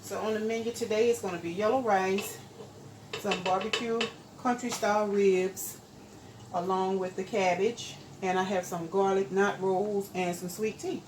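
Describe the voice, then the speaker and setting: A middle-aged woman, chatting homey and relaxed to viewers as she cooks in her kitchen. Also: medium pitch, moderate pace, noisy background. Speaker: cooking channel host. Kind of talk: casual cooking vlog chat. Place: home kitchen.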